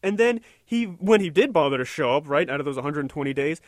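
Man, opinion rant, sarcastic, indignant, rambling, high voice, dry close sound. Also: animated, fairly quick, dry recording. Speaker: political commentator.

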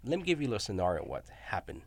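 A man's voice: on the low side, huge pitch swings, very fast, creaky, husky, dry recording. A middle-aged man, a professor, talking casually and telling stories with frequent tag questions like "you know?" and "right?". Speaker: university researcher and professor. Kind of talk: casual academic discussion.

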